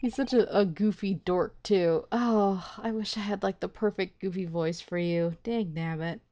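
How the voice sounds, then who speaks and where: A woman hosting a game playthrough, talking excitedly and rambling as she thinks aloud, laughing often. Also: mid-range voice, normal speed, lo-fi sound. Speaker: let's play host. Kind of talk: gaming commentary.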